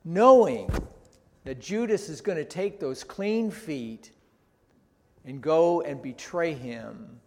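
A male pastor preaching a sermon, deliberate and emphatic, often posing questions to his listeners. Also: fairly high pitch, expressive, mellow. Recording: long reverb in a large hall.

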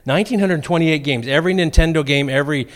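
A middle-aged man preaching a sermon, telling funny stories in a lively way. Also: on the high side, fast. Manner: humorous storytelling, animated. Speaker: pastor. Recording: long reverb of a church hall.

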